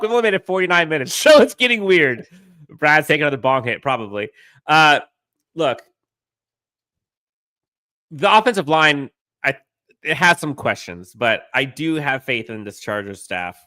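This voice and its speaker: A man's voice: medium pitch, sharp tone, dry recording. A man co-hosting a sports podcast, joking around and reading viewer comments from the live chat. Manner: jokey, reads out live chat. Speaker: podcast co-host.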